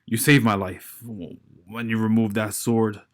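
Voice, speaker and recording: A man voicing a weary ancient giant tree-like being who speaks gravely through strain, grunting as he talks. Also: lowish voice, level tone, slow, a bit bright. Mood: strained solemn.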